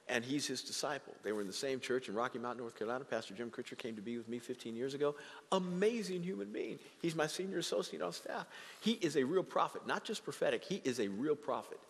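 A man preaching a sermon as pastor of his church, animated and acting out the voices of the people he quotes. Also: mid-range voice, a little fast, long reverb tail. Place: church sanctuary.

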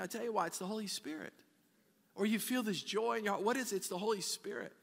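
A pastor preaches to his church in a high, ringing voice. He keeps the sermon chatty, stumbling over repeated words and turning often to the congregation. The reverb of a large hall trails behind every phrase. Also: fast talker, creaky, a bit bright. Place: church sanctuary.

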